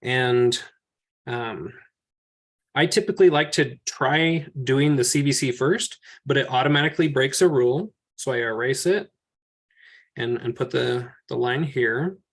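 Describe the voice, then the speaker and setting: A man teaching a class from slides, explaining each step patiently and thinking aloud as he works. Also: medium pitch.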